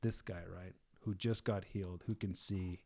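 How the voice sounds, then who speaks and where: A man's voice: sits low, fairly even intonation, normal speed, mellow. A man leading a casual group discussion, retelling a story in a chatty way with slang and laughter.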